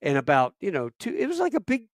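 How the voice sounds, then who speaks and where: A man in his fifties, a podcast guest telling a casual story, profane, with loud bursts and quiet asides. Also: sits high, huge pitch swings, fast, no echo, studio quality.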